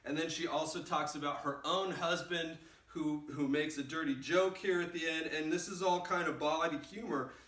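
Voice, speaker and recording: A man teaching a play in a casual, animated way, recorded in a roomy space with the mic far off. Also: a little high, normal speed, few pauses. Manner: casual and animated, acts out lines. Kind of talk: explaining a play scene.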